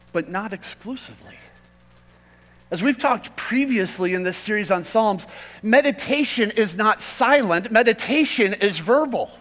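A man preaching a sermon as pastor, swinging from loud emphatic peaks to quiet asides. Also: high-pitched, long reverb tail, poor audio.

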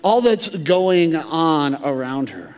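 A man's voice: fairly high pitch, sing-song, slow, clean tone. Dramatic male preacher in a reverberant hall. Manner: dramatic, swings between emphatic loud stretches and hushed near-whispers. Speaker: pastor. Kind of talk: sermon.

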